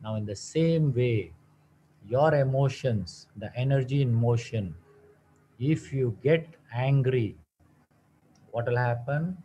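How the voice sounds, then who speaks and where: A man's voice: medium pitch, slow, pauses often, mellow, slight background noise, low-quality recording. A man giving a wellness talk as a naturopathic doctor, mixing teaching with a personal story and asking his listeners many rhetorical questions. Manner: asks rhetorical questions, repeats words for stress.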